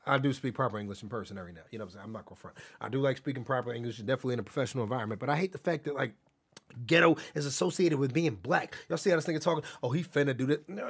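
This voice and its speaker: A young man streaming live and reacting to clips in a loud, animated rant that often breaks into shouting. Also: mid-range voice, slightly rough. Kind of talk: livestream reaction commentary.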